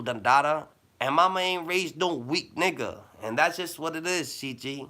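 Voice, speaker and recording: A man giving rambling motivational advice in loose slang, with a habitual "da, da, da" filler, dropping low and then bursting louder. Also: expressive, moderate pace. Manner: loose slang-heavy talk with a repeated "da, da, da" filler; swings between low mumbling and loud bursts. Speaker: vlogger giving life advice.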